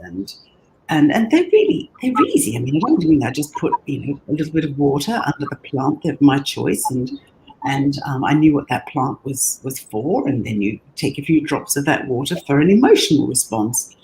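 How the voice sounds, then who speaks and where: An earnest woman guest tells her story in a relaxed interview. She talks haltingly, doubling back on words as she thinks, and her pitch jumps up when she gets excited. A faint hiss sits under her voice. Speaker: guest, brand designer.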